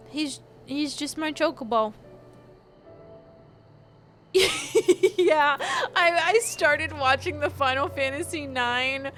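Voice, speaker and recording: A woman's voice: high voice, unhurried, few pauses, fairly bright tone, soft background music. A tired young woman streaming a game, chatting to her viewers in a rambling, giggly way. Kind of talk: casual live-stream chat.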